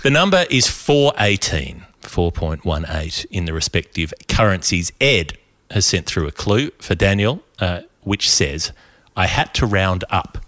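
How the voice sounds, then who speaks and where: Low-voiced man hosting a podcast. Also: big pitch swings, a bit bright, no room sound. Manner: measured, wry and thoughtful. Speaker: podcast host. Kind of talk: casual chat.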